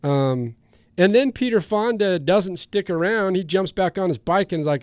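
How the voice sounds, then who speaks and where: Male podcast co-host, higher register, dry sound, animated scene-by-scene storyteller. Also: moderate pace, dry recording. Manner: animated retelling of scenes, frequent restarts. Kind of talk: casual film discussion.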